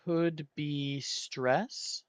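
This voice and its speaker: A man's voice: on the high side, steady tone, very slow, smooth, no echo. A man hosting a gaming video, thinking aloud and muttering guesses as he works through a word puzzle. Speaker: gaming channel host. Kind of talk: casual puzzle-solving commentary.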